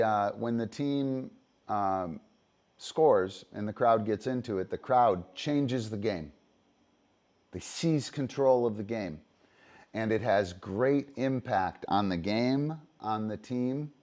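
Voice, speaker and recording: A male dog-sport trainer hosts a relaxed livestream lesson. His voice sits in an ordinary middle range, and he talks at an unhurried, drawn-out pace. His delivery is loose and profane, with plenty of fillers and tag questions. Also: medium pitch. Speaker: disc dog trainer and show host.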